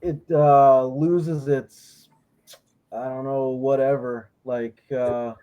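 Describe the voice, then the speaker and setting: A man who is a comedian, talking as a guest in a relaxed interview, easygoing and hesitant with fillers. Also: mid-range voice, takes it slowly, clear, resonant tone. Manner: laid-back, hesitant with fillers. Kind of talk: casual interview chat. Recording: dull lo-fi sound.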